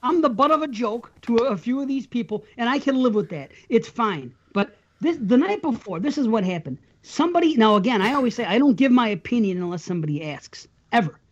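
Man, podcast host, casual chat, rambling, laughs a lot, animated delivery. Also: extremely high pitch, a little fast, hardly any pauses. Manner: easygoing, laughs often, rambling stories. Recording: slightly muffled audio.

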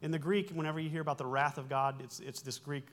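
In a voice on the high side with a steady tone and quick pace, a man in his forties delivers a sermon as a pastor. He unpacks Greek words in a chatty way, correcting himself and adding wry asides.

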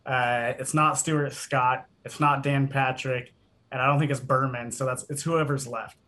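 A man's voice: mid-range voice, steady tone, normal speed, bright, forceful tone. A man co-hosting a casual podcast, guessing quiz answers aloud in a laid-back, swearing way. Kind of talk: casual chat.

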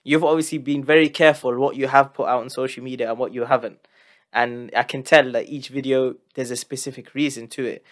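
A man's voice: medium pitch, steady tone, a little fast. Guy hosting a chill interview, reflective, drops arabic phrases, asks open questions. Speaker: podcast host. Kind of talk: casual interview conversation.

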